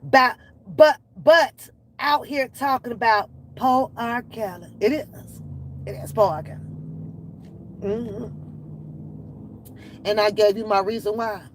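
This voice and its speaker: On a rough recording with faint background noise, a reaction-channel host rants in a voice on the high side. She goes slowly and pauses often, and her unscripted commentary is blunt, exasperated and full of profanity.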